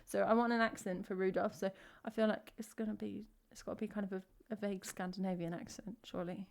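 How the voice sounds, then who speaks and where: A woman's voice: medium pitch, fairly even intonation, fast talker, gravelly. Chatty English woman rambling between songs. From England. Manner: rambling, chatty, many "like" fillers. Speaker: singer-songwriter streamer. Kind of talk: casual chat between songs on a live stream.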